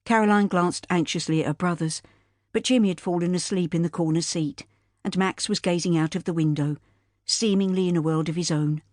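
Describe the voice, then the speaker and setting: A woman's voice: on the low side, fairly even intonation, fairly quick, darkish tone, no room sound, clean studio sound. Woman narrating a period saga. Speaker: audiobook narrator. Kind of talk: scripted narration.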